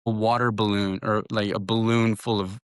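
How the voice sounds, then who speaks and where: A man in his thirties co-hosts a casual podcast chat, telling a story in a loose, rambling way full of restarts. His voice sits low. The sound is dry and close, with no room around it. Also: little pitch movement, normal speed, clean tone, no echo. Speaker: podcast co-host.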